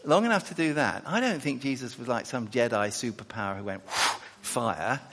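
A man preaching a sermon and reading scripture, animated and chatty, with quick asides and self-corrections. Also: mid-range voice. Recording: echoey hall.

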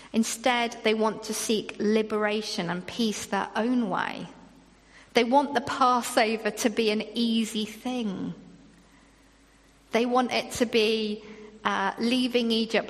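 A woman's voice: a little high, long reverb tail. A woman preaching a sermon in an earnest manner, reading scripture aloud between her own remarks.

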